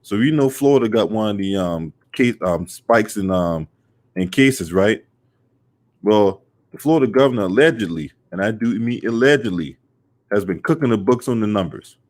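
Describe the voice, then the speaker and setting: A low-voiced man hosts a casual commentary stream on a sports and politics channel, talking loosely and swearing freely. He pads his speech with "um" and "you know," calls out to chat viewers as he goes, and speaks at normal speed with lively intonation and a darkish tone.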